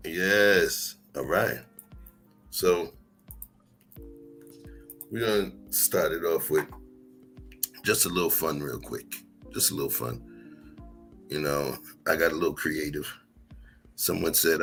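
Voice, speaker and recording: A man hosting a livestream, talking slowly in a low, relaxed voice as he greets his chat by name. Faint music plays under him. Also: creaky. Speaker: livestream host. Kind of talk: casual chat.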